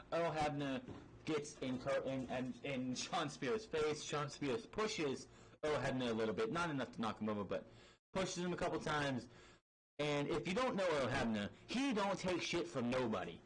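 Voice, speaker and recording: A man's voice: on the high side, rough recording. A man casually recapping a wrestling match play-by-play, rambling with fillers and frequent swearing. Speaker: wrestling show reviewer.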